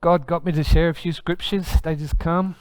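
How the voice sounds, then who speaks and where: Australian man, middle-aged, lively storyteller, laughs mid-sentence, dry sound. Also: on the high side, moderate pace, no room sound. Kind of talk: casual storytelling conversation.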